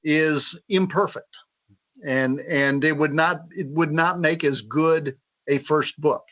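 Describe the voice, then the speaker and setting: A man with a fairly high, bright, forceful voice tells an anecdote in a casual interview, animated and full of quick restarts. The audio is a little dull and lo-fi. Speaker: author guest.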